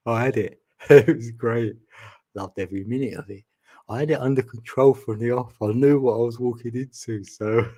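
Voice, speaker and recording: A man's voice: medium pitch, mellow. A man, chatting casually with viewers on a live stream, laughing often and teasing them.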